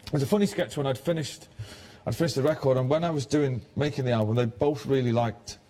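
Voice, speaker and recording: A man's voice: medium pitch, quick pace, dark tone. A man, a musician giving casual interview answers in a blunt, sardonic way and swearing freely. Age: 40s. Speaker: musician guest.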